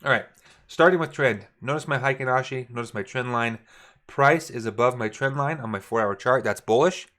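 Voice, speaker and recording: A man's voice: mid-range voice, normal speed. Man casually talking through trading charts. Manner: relaxed, thinking aloud, self-correcting, addresses viewers directly. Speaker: forex trading coach. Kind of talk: casual screen-share chart walkthrough.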